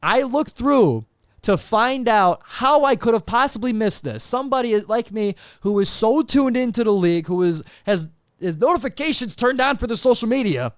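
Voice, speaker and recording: A young man hosting a solo sports podcast, recapping games and then ranting in an animated, exasperated way. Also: extremely high pitch, moderate pace, dry recording, clean studio sound. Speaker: podcast host.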